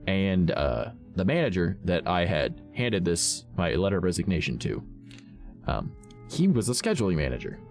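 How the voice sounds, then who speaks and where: A man's voice: wildly swooping pitch, normal speed, gravelly, darkish tone, soft background music. A man, a streamer telling a story to his chat in a blunt, profane, ranting way. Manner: blunt, profane, ranting with big swings in pitch.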